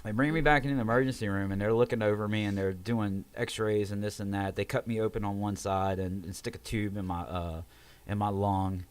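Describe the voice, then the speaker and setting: A man telling a long personal story in casual chat, animated and swearing freely. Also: lowish voice, fairly quick, clean tone. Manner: animated, swearing, acts out quotes in raised voices. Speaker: podcast guest.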